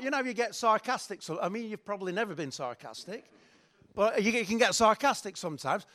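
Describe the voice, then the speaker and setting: A middle-aged man delivers a sermon. He talks in a chatty, joking way and pokes fun at himself. His voice sits a little above the usual man's pitch. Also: animated, fairly quick, fairly bright tone. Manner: chatty, joking, self-mocking. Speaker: pastor.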